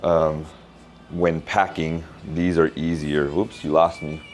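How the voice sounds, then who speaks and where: A man, a keynote speaker, chatting casually in a travel vlog and thinking out loud in a rambling way. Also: a bass voice, flat delivery, slow, faint music behind.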